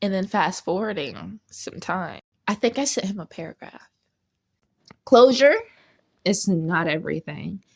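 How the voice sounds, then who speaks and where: A young woman telling a casual storytime as a vlogger, chatty and animated, laughing often as she talks. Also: on the low side, a little slow.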